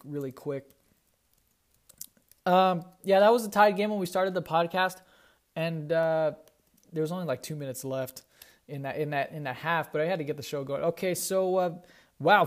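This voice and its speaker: A man with a slightly higher voice hosting a casual sports podcast. He rambles, restarts his sentences and corrects himself as he talks through the games. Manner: rambling, self-correcting, checks scores live. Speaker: podcast host.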